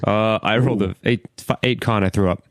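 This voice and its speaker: A man playing a tabletop game, chatting casually and excitably. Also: on the low side, fairly quick, no room sound, studio quality. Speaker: player.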